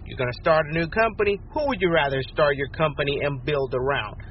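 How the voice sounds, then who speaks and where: A playful man asks a long question in a casual recorded message, his voice pitched a little above most men's. The sound is dull and lo-fi, with faint noise underneath. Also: brisk. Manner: playful, sprinkles in Spanish greetings. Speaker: caller sending a recorded question.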